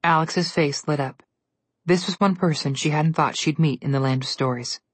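A woman narrating a children's fantasy storybook aloud with steady, clear storytelling. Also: deep voice, moderate pace, dry recording. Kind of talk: storybook reading.

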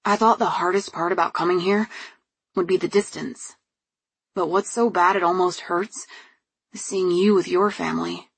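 A woman's voice: lowish voice, steady tone, normal speed, vocal fry, slightly rough, dry recording. A woman reading the lines of an earnest, vulnerable young man in an audiobook. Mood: sad.

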